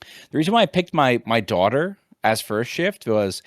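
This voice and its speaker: A man in his thirties from the United States, a teacher co-hosting a podcast, telling a casual story in a rambling, animated way with many restarts. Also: mid-range voice, normal speed, dry recording, clean studio sound. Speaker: podcast co-host, high school teacher. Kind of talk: casual chat.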